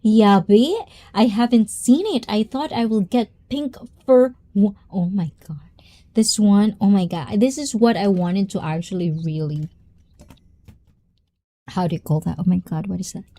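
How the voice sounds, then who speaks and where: A woman's voice: mid-range voice, a little slow, dark tone. A young woman, hosting a casual livestream chat in a bubbly, giggly way. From Japan and the Philippines. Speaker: livestream host.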